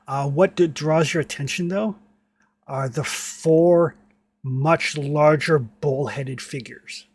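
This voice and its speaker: A man's voice: a little high, takes it slowly, darkish tone, slightly rough, no echo, clean studio sound. A man narrating a tabletop game as game master, rambling with many filler words.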